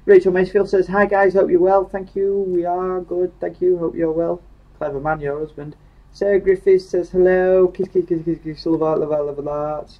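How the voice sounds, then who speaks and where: A man's voice: sits high, normal speed, highs cut off. A young man with a Yorkshire accent, casually reading live chat comments aloud and joking. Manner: jokey, reads comments aloud in a lively voice.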